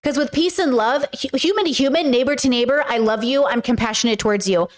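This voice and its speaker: Woman streamer, slightly high voice, casual emphatic commentary with slang, chatty with viewers. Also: quick pace. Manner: emphatic, slangy, talks straight to chat.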